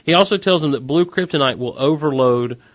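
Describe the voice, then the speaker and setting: A man hosting a podcast, casually recapping a TV episode with animated, wry asides. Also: fairly high pitch, brisk, no room sound.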